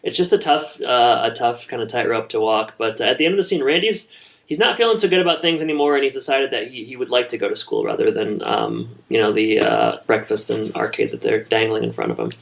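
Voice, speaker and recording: A man co-hosting a podcast, casually recapping a sitcom episode with plenty of fillers and pauses. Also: medium pitch, gravelly. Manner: relaxed, hesitant with many fillers. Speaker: podcast co-host.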